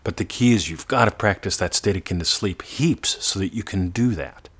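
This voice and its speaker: A man giving a motivational coaching talk, earnest, sometimes slowing to a soft, drawn-out demonstration voice. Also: sits low, husky. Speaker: manifestation coach.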